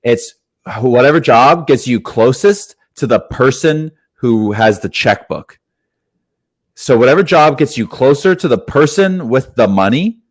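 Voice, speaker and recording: A young man co-hosting a casual podcast, talking excitedly and swearing often, with "dude" in every other sentence. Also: medium pitch. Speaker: podcast co-host.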